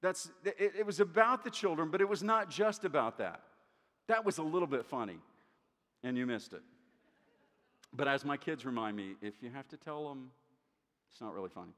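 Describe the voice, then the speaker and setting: A man's voice: fairly high pitch, expressive, normal speed, long pauses, fairly bright tone. A middle-aged man preaching a sermon as pastor, earnest and conversational, often restarting his phrases. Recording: long hall reverb.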